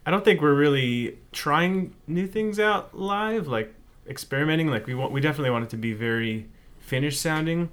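A man's voice: fairly high pitch, lively intonation, normal speed, fairly bright tone. Young man, band guest, loose casual interview talk, jokey. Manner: playful, slips into joke accents. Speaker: band member, new guitarist.

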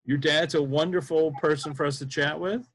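A man's voice: on the high side, fairly even intonation, moderate pace. A man hosting a casual interview, joking and self-deprecating as he leads the talk. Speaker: podcast host.

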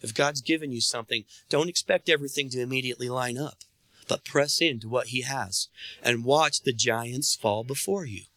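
A man's voice: mid-range voice, moderate pace, bright, forceful tone, no room sound. A man preaching a sermon as pastor, calling on his listeners to respond and repeat after him. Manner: preaching, calls on the congregation to respond.

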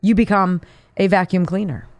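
A woman's voice: mid-range voice, steady tone, moderate pace, a little mellow, dry recording. A woman co-hosting a talk show, trading jokes playfully and laughing at her own punchlines. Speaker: radio show co-host. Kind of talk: casual joke-telling banter.

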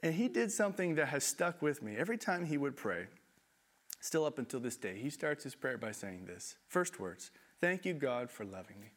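A man preaching a sermon in a conversational, animated way, with self-deprecating asides. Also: on the high side, moderate pace. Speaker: pastor.

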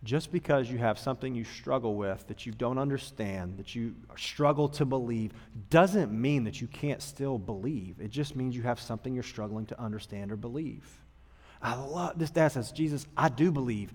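Earnest youth pastor in a reverberant hall. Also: male voice, medium pitch, moderate pace. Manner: conversational, earnest, swings between loud emphasis and hushed tones. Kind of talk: sermon to youth group.

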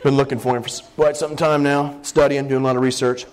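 A man's voice: mid-range voice, flat delivery, fast talker, close to an everyday voice, rough recording. A man voicing a smug male disciple who talks in an offhand, boastful way.

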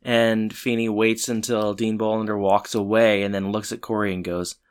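A man's voice: fairly low pitch, moderate pace, clear, resonant tone. A man co-hosting a podcast, casually recapping an episode in a meandering way with hesitations. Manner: relaxed, meandering retelling with hesitations. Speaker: podcast co-host.

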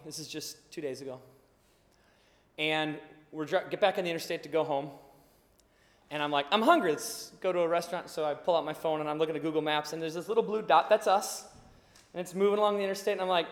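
A man in his thirties preaching a sermon, telling a story with lively acted-out dialogue and laughing along. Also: on the high side, brisk, pauses often. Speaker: pastor. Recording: long hall reverb.

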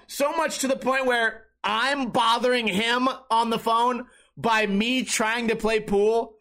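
Profane rambling podcast host, high voice. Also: male voice, steady tone, unhurried, sharp tone. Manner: profane, rambling, self-deprecating. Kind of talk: casual solo podcast monologue.

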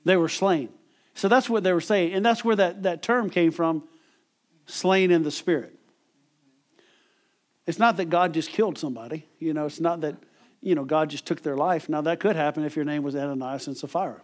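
A man's voice: fairly high pitch, normal speed. A middle-aged man preaching a conversational sermon, often repeating words and chuckling as he talks.

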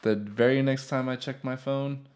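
A man's voice: medium pitch, fairly even intonation, normal speed, darkish tone. A young man from the Philadelphia area co-hosting a casual podcast, joking crudely and talking about sports. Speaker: podcast co-host. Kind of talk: casual chat.

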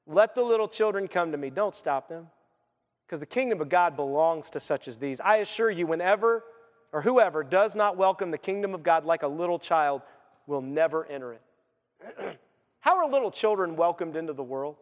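A man preaching a sermon as pastor, animated, acting out voices and joking along the way. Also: a little high, moderate pace, in a large hall. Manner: animated, acts out voices and jokes.

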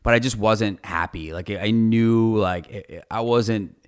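A man with a low voice tells stories from his career in a loose interview. His tone is animated and he swears casually. His voice is smooth and resonant. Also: unhurried. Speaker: guest, lawyer.

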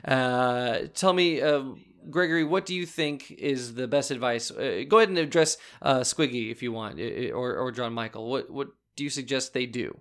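A man's voice: medium pitch, moderate pace, hardly any pauses, a bit bright, smooth. A man hosting an improvised comedy podcast as an advice doctor, flustered, theatrical and full of stammers.

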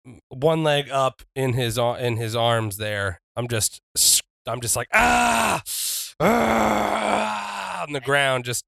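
A man playing a tabletop wrestling role-playing game, animated and often laughing. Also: mid-range voice, measured pace, hardly any pauses, no room sound, clean studio sound. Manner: animated, laughing, shouts in character. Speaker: player.

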